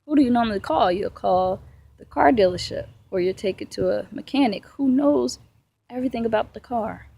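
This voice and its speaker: A woman's voice: a little high, fairly quick, creaky, warm tone, husky. A woman giving an earnest, encouraging devotional sermon in a conversational way, acting out everyday prayers and complaints. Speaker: preacher.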